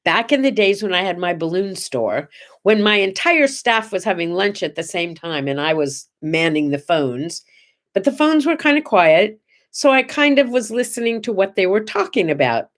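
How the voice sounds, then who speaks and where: A woman hosting a relaxed morning show, spinning personal stories in a chatty way. She keeps a mid-range voice and drops in playful asides. She sounds animated as she tells each anecdote. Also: medium pitch, normal speed. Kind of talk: casual chat and storytelling.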